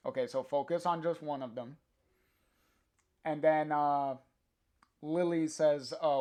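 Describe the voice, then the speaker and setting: A man casually reading a comic aloud on a livestream, halting with many fillers and chuckling to chat. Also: a little high, fairly even intonation, darkish tone, smooth.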